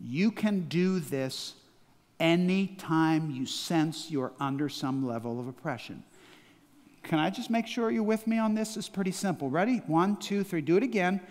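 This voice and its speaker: A Midwestern American pastor in his sixties preaches a sermon with emphatic call-and-response. His fairly high voice is animated and at normal speed, and the large church hall adds a long reverb.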